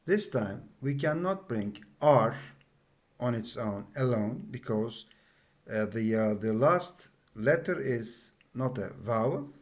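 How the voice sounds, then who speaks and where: A man with a Turkish accent talks through a grammar lesson at a very slow, deliberate pace. He sits at a middling pitch, repeats key words and fills pauses with "uh" while he patiently explains. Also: expressive. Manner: slow, patient explaining with frequent fillers and repetitions. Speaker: language teacher.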